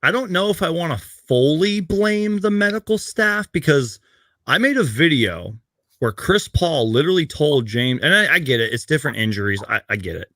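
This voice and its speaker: A man's voice: a little high, animated, moderate pace, fairly bright tone, no echo. A man hosting a casual live-stream chat about basketball, talking in a laid-back, chatty way and laughing often. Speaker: basketball show host.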